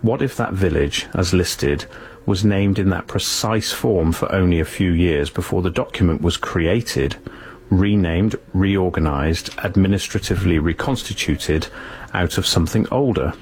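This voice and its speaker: Deep-voiced man narrating gravely. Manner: grave, rhetorical questions, careful pauses. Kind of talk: scripted narration.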